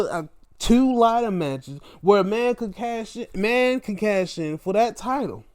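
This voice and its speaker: A man hosting a casual solo show, reviewing wrestling events in animated, profane, exasperated rants. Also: sits high, no echo, studio quality.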